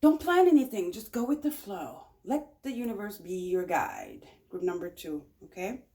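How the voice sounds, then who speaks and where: A woman's voice: on the low side, big pitch swings, moderate pace, a little mellow. A woman giving a casual pick-a-card tarot reading, chatty and encouraging, often repeating her phrases. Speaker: tarot reader.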